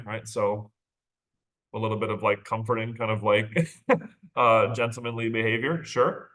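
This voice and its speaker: A man's voice: on the low side, fairly even intonation, moderate pace, pauses often, a bit bright. Chatty male literature teacher. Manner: conversational, checks in with "right?" and "okay?"; asks rhetorical questions and laughs lightly. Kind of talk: recorded lecture on a short story.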